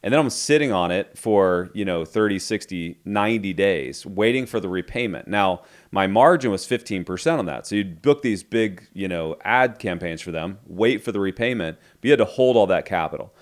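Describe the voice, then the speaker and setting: A man's voice: deep voice, animated, moderate pace, few pauses. A middle-aged man, a podcast guest, candidly retelling a business story and acting out the dialogue. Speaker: entrepreneur guest.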